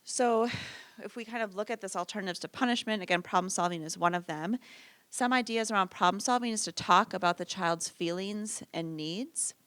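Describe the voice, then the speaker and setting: A woman with a fairly bright, clean mid-range voice runs a parenting workshop at a fairly quick pace, with no echo. She keeps things conversational, often tagging on "right?" and acting out short lines from parents and kids.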